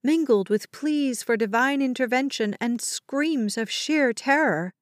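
Slow, dry-sounding woman narrator. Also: high-pitched, no room sound. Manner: measured, dramatic storytelling. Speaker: audiobook narrator. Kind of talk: scripted narration.

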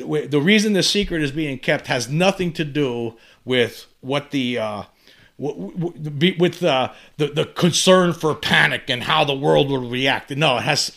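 Guy in his 50s ranting about stuff, keeps restarting and repeating himself, gets all urgent, voice a bit high. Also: fairly bright tone. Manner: rambling, repeats words and restarts often; impassioned, rising and urgent. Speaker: channel host. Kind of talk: monologue to camera.

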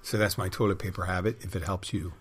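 A man's voice: low-pitched, fairly even intonation, quick pace, breathy edge, soft background music. A middle-aged man hosting a podcast, telling wry, crude, rambling stories in a casual monologue. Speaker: podcast host.

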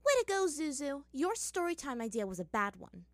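A woman voicing a cold, sharp-tongued teenage princess. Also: high-pitched, a little fast, dry recording, pitched above the performer's own voice. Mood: cutting. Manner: flat, cutting.

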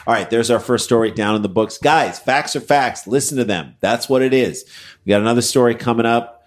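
A man co-hosting a comedy podcast, reading out news with wry, sarcastic asides. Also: fairly quick. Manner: wry, sarcastic, breaks into mocking high-pitched impressions. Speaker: podcast co-host. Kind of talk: casual comedic chat.

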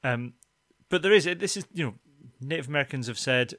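Male podcast host, bright forceful voice, casual and rambling, dry close mic. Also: mid-range voice, expressive, fairly quick, no echo. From Scotland. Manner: chatty, laughing, many fillers and restarts. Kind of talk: casual chat.

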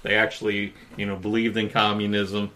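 A man co-hosting a casual talk show, knowledgeable and steady, fixing details as he tells stories. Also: on the low side, normal speed. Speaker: podcast co-host. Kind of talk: casual chat about wrestling.

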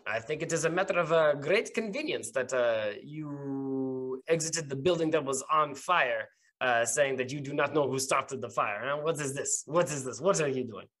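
A man's voice: mid-range voice, moderate pace, a bit bright, lightly acted. A man playing a stern guard captain woman. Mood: accusing. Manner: clipped, accusing, foreign-sounding phrasing with "huh?" tags.

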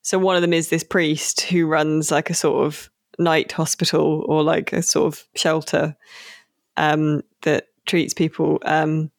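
A podcast co-host chatting casually about a game, rambling with many fillers and slowing down on key words. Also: mid-range voice, little pitch movement, vocal fry, no echo, studio quality.

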